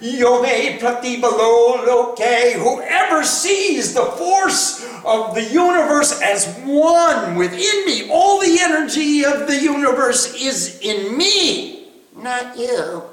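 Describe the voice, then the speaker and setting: Slow, animated scripture teacher. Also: high-pitched. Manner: slow, animated, laughing often. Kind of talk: scripture reading with commentary and chanting. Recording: roomy, from a distance.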